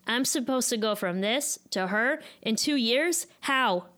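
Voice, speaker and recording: Woman, 30s, Chicago accent, live storyteller, self-deprecating and candid, slightly high voice. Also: expressive, measured pace, a bit bright.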